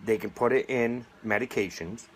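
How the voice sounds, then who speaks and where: A man's voice: mid-range voice, normal speed, husky. A middle-aged man speaking straight to camera, sarcastic and indignant, making a plea as a vaping advocate. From United States. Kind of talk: direct-to-camera appeal.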